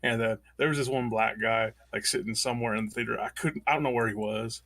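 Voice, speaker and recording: A man's voice: medium pitch, steady tone, fast, a bit bright, slight background noise. A man co-hosting a podcast, reminiscing and sharing anecdotes in casual chat. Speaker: podcast co-host.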